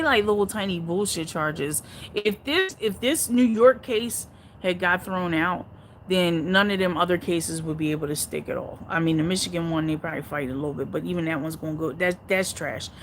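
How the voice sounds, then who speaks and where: A woman's voice: fairly low pitch, slight background noise, rough recording. Profane, laughing woman hosting a stream. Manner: blunt, profane, laughing often. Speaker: livestream host reading viewer comments. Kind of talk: casual live-stream chat.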